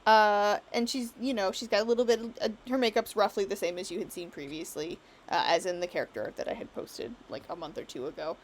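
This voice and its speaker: A woman's voice: medium pitch, fast, few pauses. A woman narrating as game master on a live stream, chatty and giggly with lots of fillers.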